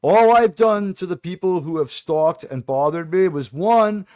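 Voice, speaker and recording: A man's voice: sits high, measured pace, a little mellow, no room sound. A man hosting a casual livestream chat, rambling and digressive with sudden aggrieved outbursts. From New York.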